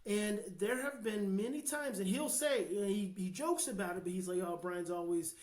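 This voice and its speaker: Passionate American male guest expert, earnest, hushed-to-emphatic delivery, echoey room. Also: high voice, expressive. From United States. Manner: passionate, slows down to near-hushed then swells with emphasis. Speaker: guest, child behavior expert. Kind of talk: podcast interview, earnest advice.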